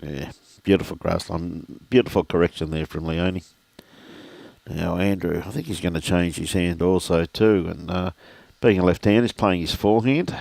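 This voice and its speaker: An older Australian man doing relaxed, chatty live commentary on a lawn bowls match, greeting viewers by name. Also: sits low, normal speed, creaky, no room sound. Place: outdoor bowls club.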